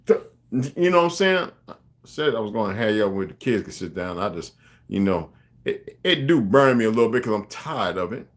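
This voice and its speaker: A man's voice: lowish voice, very animated, fairly quick. A man ranting on a livestream to his viewers, emphatic and profane, rambling and greeting chat viewers by name. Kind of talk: unscripted livestream rant.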